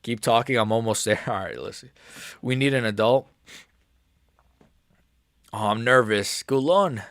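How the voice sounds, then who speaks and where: A young man chatting casually during a live stream, excitable and rambling, and he keeps repeating how nervous he is. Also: lowish voice, a little slow, no echo, studio quality. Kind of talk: live watch-along chat.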